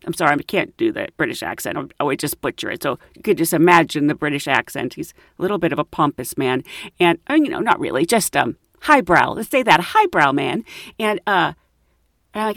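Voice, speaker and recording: A woman tells a personal story in an animated, laughing way. Her pitch swings widely as she acts out the moments. The sound is dry and close. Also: fairly quick, creaky, no echo. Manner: animated, self-deprecating, laughs often. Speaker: host telling a story. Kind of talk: casual storytelling.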